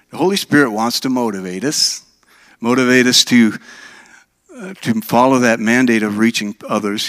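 A man's voice: on the low side, a bit bright, dry recording. A man in his sixties from Minnesota, preaching a sermon in a conversational way and asking his congregation questions. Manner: conversational, asks the audience questions. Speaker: pastor.

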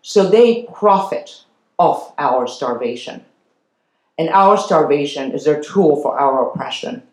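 A woman's voice: sits low, animated, measured pace, darkish tone, echoey room, rough recording. A woman from Venezuela giving a public lecture, telling her story in an earnest, emphatic way. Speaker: guest lecturer. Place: lecture hall.

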